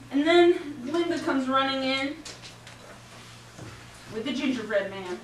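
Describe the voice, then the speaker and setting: A woman spins an improvised, rambling tale, playful and giggly as she goes. Her voice is high and her pace unhurried. The mic is far from her in a roomy space, with steady noise behind. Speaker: storyteller. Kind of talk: improvised storytelling. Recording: roomy, distant mic, noisy.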